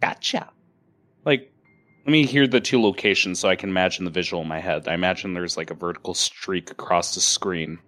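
A man's voice: sits low, fairly quick, fairly bright tone. A man running a tabletop game, narrating loosely and rambling, with frequent laughter. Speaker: game master.

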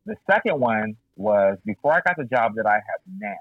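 Animated profane man telling a story. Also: fairly low pitch, normal speed, no room sound, dull audio. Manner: animated, profane, acts out quoted voices. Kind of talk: casual storytelling chat.

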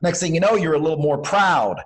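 Guy on a podcast, slangy and blunt, acts out little dialogues, bit of a higher voice. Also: a little fast, rough recording. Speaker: podcast guest. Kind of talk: motivational advice in casual conversation.

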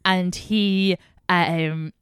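A young Irish woman hosting a podcast, telling lively stories, laughing often and swearing freely. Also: lowish voice, drawn-out words, clear, resonant tone, no echo, studio quality. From Ireland. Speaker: podcast host. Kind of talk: casual chat.

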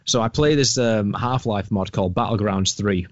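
A man's voice: on the low side, moderate pace, no echo. A man co-hosting a podcast, chatting casually in a teasing, joking, sweary way. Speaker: podcast co-host. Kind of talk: casual chat. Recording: dull dry lo-fi audio.

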